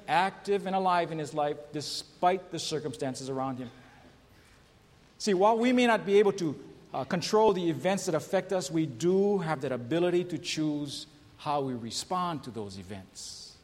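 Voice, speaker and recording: Guy preaching, a bit high voiced, long echo trailing off, like a big church. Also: a little mellow. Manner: preachy, asks the congregation questions, reads scripture aloud; tells jokes in raised voices for the characters. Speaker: pastor. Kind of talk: sermon. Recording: long hall reverb.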